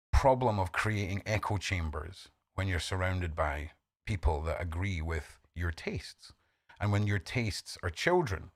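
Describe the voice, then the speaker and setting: A man's voice: deep voice, no room sound, studio quality. A man hosting a livestream, talking bluntly and swearing freely as he greets viewers by name. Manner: greets chat members by name. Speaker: livestream host. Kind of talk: casual livestream talk. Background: faint background music.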